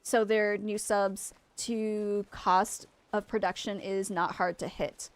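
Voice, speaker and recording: A young woman from Maine streaming a game, chatting with viewers in an excitable, rambling, easily distracted way. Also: medium pitch, takes it slowly. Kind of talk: casual livestream chat with viewers.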